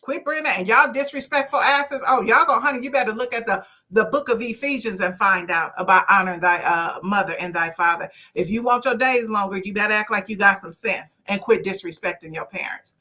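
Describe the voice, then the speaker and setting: A woman's voice: medium pitch, fairly quick, hardly any pauses. A woman, hosting a casual livestream talk show and reading viewer comments in an outspoken, preachy way. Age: 50s. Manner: outspoken, lively, preachy, swears.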